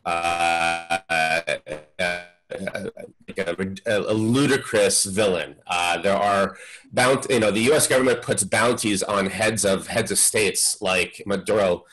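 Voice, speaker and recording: A man speaking as a guest expert on a webinar panel over a video call, giving measured explanations. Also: deep voice, a bit bright, soft background music, low-quality recording.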